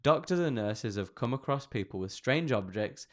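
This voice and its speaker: A man's voice: medium pitch, animated, normal speed, slight background noise. A man co-hosting a comedy podcast, reading out odd internet stories in a casual, jokey way with plenty of laughs and swearing. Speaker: podcast co-host.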